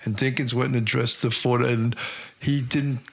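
A man's voice: mid-range voice, little pitch movement, moderate pace. A man co-hosting a casual conversation, telling anecdotes eagerly. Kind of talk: casual chat.

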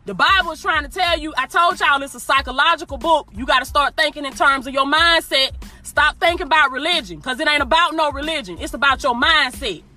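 A woman's voice: high-pitched, brisk, hardly any pauses, bright, forceful tone, soft background music. A woman preaching informally and emphatically, repeating her phrases and talking straight to her listeners. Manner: emphatic, repeats phrases, addresses listeners directly with y'all and baby. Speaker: motivational preacher.

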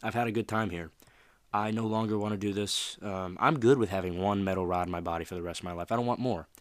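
Low-voiced guy doing a motivational podcast, rambly and pumped, dry close mic. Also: fairly even intonation, fast talker, dry recording. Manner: casual, rambling, fired up, talks to listener directly. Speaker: podcast host.

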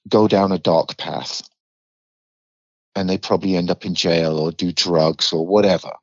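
At a measured pace and with a low, steady voice, a middle-aged British man tells a podcast interviewer a story, candidly and vividly, swearing freely. The recording is dry and slightly dull.

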